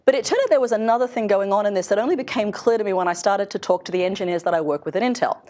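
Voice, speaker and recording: A woman's voice: medium pitch, rapid-fire, a little mellow. A middle-aged woman giving a conversational seminar lecture to a room of listeners, laughing lightly between points. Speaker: seminar speaker, researcher in industry. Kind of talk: lecture to an audience.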